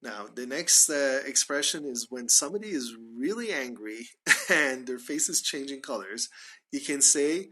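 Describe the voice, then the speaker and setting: A man with a Canadian accent teaching English idioms, patiently repeating phrases slowly and giving examples. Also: medium pitch, animated, sharp tone, slightly rough. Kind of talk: spoken English lesson on idioms.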